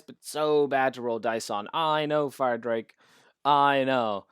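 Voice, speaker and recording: A man's voice: mid-range voice, slow, a bit bright, smooth, no room sound, clean studio sound. A man hosting a casual live hobby stream while painting miniatures, playful and enthusiastic as he chats with viewers at his desk mic.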